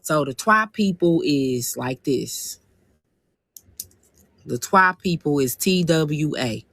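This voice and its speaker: A woman hosting a casual livestream and talking to her viewers on a phone mic. She is animated and exasperated, and she repeats herself. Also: deep voice, takes it slowly, no echo. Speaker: livestream host.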